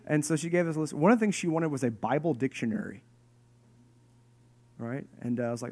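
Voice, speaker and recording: Animated conversational pastor, man. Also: on the high side. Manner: conversational, animated, joking asides, speeds up and slows down. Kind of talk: sermon. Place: church hall with congregation.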